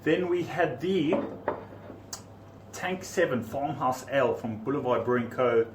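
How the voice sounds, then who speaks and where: A man's voice: mid-range voice, measured pace. A man hosting a casual podcast, joking around with his guest and tripping over names. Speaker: podcast host. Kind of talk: casual chat. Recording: roomy, distant mic, background noise.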